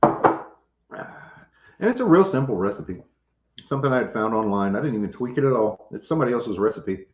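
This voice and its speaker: A man's voice: on the low side, sing-song, normal speed, pauses often, a little mellow. A man hosting a casual livestream, chatting with viewers in a laid-back, joking way. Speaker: homestead channel host. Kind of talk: casual livestream chat, reading viewer comments. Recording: roomy, dull lo-fi audio.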